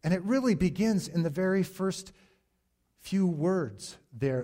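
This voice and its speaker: A middle-aged male pastor preaching a sermon in a slow, deliberate way, pausing for emphasis. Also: sits high, lively intonation, mellow.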